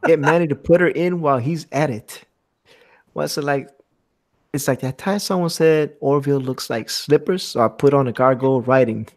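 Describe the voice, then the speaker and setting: A man's voice: a little high, normal speed. A man hosting a casual live stream, reading viewer comments aloud and laughing often. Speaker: host of a live art hangout.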